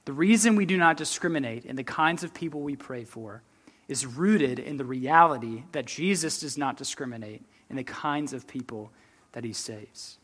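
A man's voice: a little high, fairly bright tone. A man preaching a sermon with earnest conviction, often repeating words and asking "right?" as he reads and explains Scripture. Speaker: pastor.

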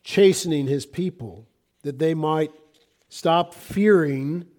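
High-voiced man preaching earnestly. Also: slow pace, a little mellow. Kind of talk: sermon with scripture reading.

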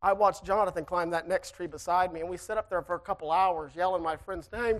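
A preacher telling a personal story to the church in a folksy, animated way and then preaching fervently. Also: medium pitch, fast talker, few pauses.

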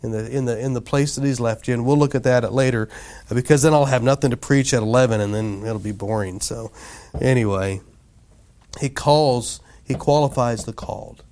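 A pastor preaching a sermon in a casual, conversational way, often asking the congregation questions and acting out quoted voices. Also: male voice, mid-range voice, brisk, darkish tone.

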